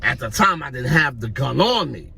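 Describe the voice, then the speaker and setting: A man from Harlem, telling street stories in an animated way and acting out the voices. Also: medium pitch, moderate pace, vocal fry, crowd noise. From Harlem, New York. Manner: animated, acts out voices, repeats "you know what I mean". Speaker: storyteller. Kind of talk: street storytelling vlog.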